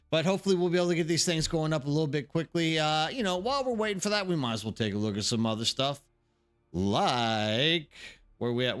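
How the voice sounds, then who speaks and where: A male game streamer chatting live to his viewers, energetic and chatty as he greets people in the chat by name. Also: fairly high pitch, clean tone.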